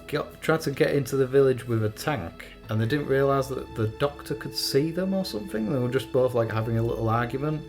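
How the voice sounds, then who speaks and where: A man from Britain rambles through playful podcast banter, swearing casually as he goes. His pitch sits in the middle range. Faint music plays underneath. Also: fairly quick, creaky, few pauses, darkish tone. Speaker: podcast co-host. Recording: faint music bed behind.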